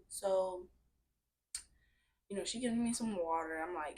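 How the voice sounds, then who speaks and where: A young woman telling a personal story to her viewers in a casual, animated way, often calling them y'all. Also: mid-range voice, a little fast, slight background noise. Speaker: vlogger.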